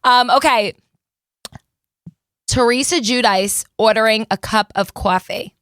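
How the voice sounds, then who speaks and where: A woman's voice: a little high, unhurried, fairly bright tone, clear, resonant tone, no echo, clean studio sound. A woman in her thirties hosting a podcast in giggly, self-deprecating casual chat. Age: 30s. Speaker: podcast host.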